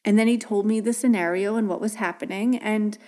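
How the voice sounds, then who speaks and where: A woman hosting a parenting podcast, talking casually and gently, often acting out soft reassuring dialogue with children. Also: mid-range voice, steady tone, fairly quick. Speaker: podcast host, parenting educator. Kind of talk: casual solo podcast talk.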